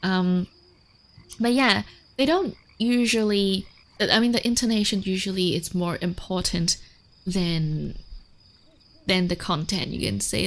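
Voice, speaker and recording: A woman's voice: mid-range voice, measured pace, pauses often. A woman streamer giving casual advice on dogs, chatty, with lots of fillers, swearing and frequent laughter. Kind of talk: casual livestream chat.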